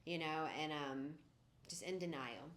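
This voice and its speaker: A woman's voice: sits low, unhurried, a bit bright, a little hiss or hum. Candid woman telling her story, roomy echo. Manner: casual, candid storytelling full of "like" and "you know". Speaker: speaker at a recovery meeting. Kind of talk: personal recovery testimony. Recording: roomy echoing room.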